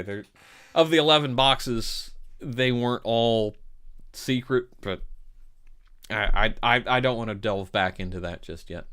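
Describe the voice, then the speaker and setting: A man hosting a casual chat, rambling and halting as he reads through a list of items. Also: medium pitch, fairly bright tone.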